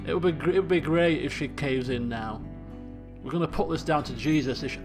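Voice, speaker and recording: A man's voice: a little high, expressive, moderate pace, darkish tone, soft background music. A man streaming a colony sim game live, chatty and thinking aloud while talking to his chat. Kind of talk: casual live game commentary.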